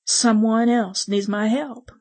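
A woman narrator voicing a tough, calm young female gunslinger in an audiobook, speaking in short, understated lines. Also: fairly high pitch, slow pace.

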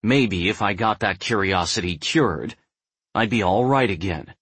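Low, husky male audiobook narrator. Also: a bit bright, no room sound. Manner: measured, brooding. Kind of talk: first-person novel narration.

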